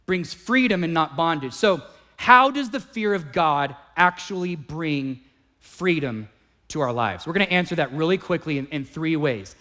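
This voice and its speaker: A male pastor with a rather high voice delivers a sermon, telling his story in an animated way. He acts out the other people's voices as he goes, and his pitch swings high when he gets excited. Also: normal speed.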